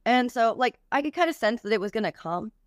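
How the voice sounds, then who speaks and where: A woman's voice: fairly high pitch, expressive, a little fast, dry recording, studio quality. A young woman, a podcast guest, tells a personal story candidly, with frequent swearing and many "like" fillers.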